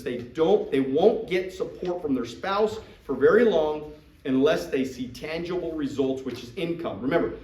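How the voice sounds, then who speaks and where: A man's voice: on the high side, reverberant, recorded from a distance, low-quality recording. A man coaching recruits in a live talk to a group, acting out sales dialogues. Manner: animated, acts out sales dialogues. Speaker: business trainer coaching recruits.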